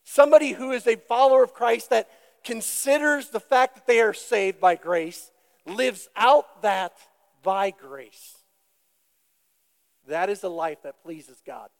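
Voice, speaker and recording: A male pastor delivers a sermon in a high voice with a gravelly edge, taking it slow. His manner is deliberate and emphatic, and he turns to the congregation with questions. The sound carries the long reverb of a church sanctuary.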